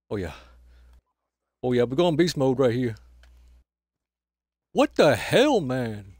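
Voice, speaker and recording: A man's voice: on the high side, darkish tone, dry recording, clean studio sound. A man giving casual gameplay commentary, grumbling and swearing at opponents and tacking "man" onto nearly every phrase. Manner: swears and trash-talks opponents. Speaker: gameplay commentator filling in for the channel owner.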